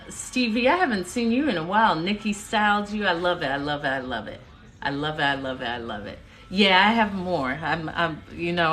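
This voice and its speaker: A woman's voice: low voice, fairly bright tone, a little hiss or hum. A middle-aged woman storyteller chatting casually to livestream viewers from her home kitchen, effusive and upbeat, thanking people by name. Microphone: phone livestream.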